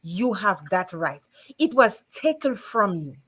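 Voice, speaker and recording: A woman's voice: medium pitch, big pitch swings, a little slow, a bit bright, husky. A woman host on a talk show, speaking with passion and preacher-like repetition. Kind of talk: impassioned talk-show exhortation.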